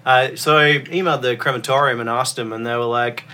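Bright-voiced rambling man. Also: mid-range voice, fairly even intonation, a little fast, few pauses, slight background noise. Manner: rambling storyteller, many fillers. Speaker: podcast host. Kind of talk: casual podcast chat.

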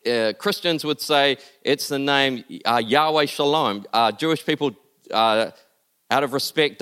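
Male pastor, high and smooth voice, earnest sermon delivery that rises and falls. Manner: earnest, building to emphatic peaks, then dropping soft and low.

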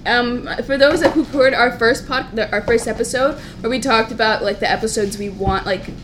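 A woman co-hosting a loose, chatty podcast. Her voice sits a little high, and she laughs a lot and cuts in over the others. A faint hiss runs under her. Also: moderate pace. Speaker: podcast co-host. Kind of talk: casual chat.

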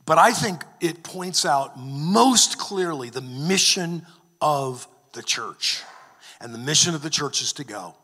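A man's voice: a little high, animated, slow pace, pushed and bright. A man preaching a sermon, earnest, often restarting and repeating words. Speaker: pastor. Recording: long hall reverb.

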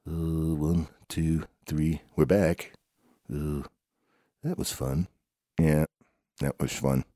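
A man's voice: a bass voice, fairly even intonation, slow, pauses often, mellow, no room sound, clean studio sound. A man improvising a playful, rambling comic story with banter between characters. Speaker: home show storyteller.

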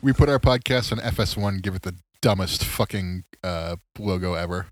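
On a podcast, a tired-sounding male co-host chats casually about baseball in a low voice at normal speed. He's laid-back and swears freely, with no room sound in the recording.

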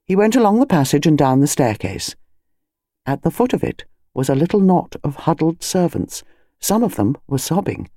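A woman narrating an audiobook in a measured storytelling manner. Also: low voice, very animated, dark tone, no echo, studio quality. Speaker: audiobook reader. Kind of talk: scripted narration.

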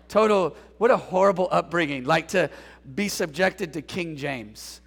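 A male pastor preaches in an animated call-and-response style and jokes with his congregation. His voice sits high for a man and has a gravelly edge with some huskiness. The sound carries a long reverb from the church hall. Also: normal speed. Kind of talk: sermon. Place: church sanctuary.

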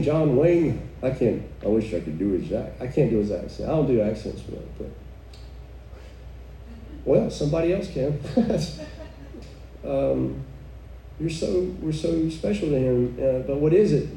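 A woman's voice: a bass voice, mellow. A woman preaching a sermon to a live audience, fervent and exclaiming, with chuckling asides. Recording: echoey room, mic far off, faint noise.

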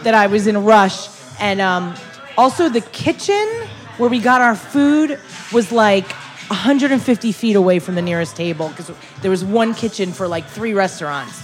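A young woman hosting a casual chat, telling a story with lively energy and acting out the people in it. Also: mid-range voice, normal speed, soft background music. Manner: animated storyteller, acts out customers' lines. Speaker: podcast host, former waitress.

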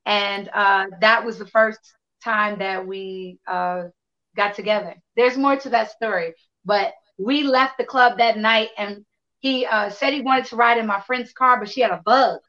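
A woman guest casually telling an animated, profane anecdote, acting out the dialogue as she goes. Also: mid-range voice, a little slow, muffled recording. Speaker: interview guest. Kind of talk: casual storytelling.

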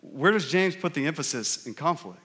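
A man's voice: on the high side, expressive, moderate pace, pushed and bright. Earnest preacher man in a reverberant hall. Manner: conversational, earnest preaching with frequent rhetorical questions. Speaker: pastor. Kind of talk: sermon. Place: church sanctuary.

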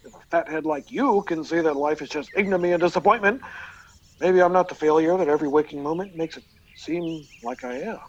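High husky voice for a bitter paranoid painter, a man putting it on, dull lo-fi sound. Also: a little fast, close to an everyday voice. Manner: stammering, bitter, erupting into shouts.

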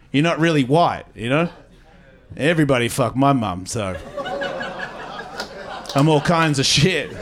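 A man with an Australian accent doing profane, rambling stand-up comedy and bantering with the audience. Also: on the high side. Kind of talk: stand-up comedy with crowd work. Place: comedy club stage before a live audience. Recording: live audience laughter throughout.

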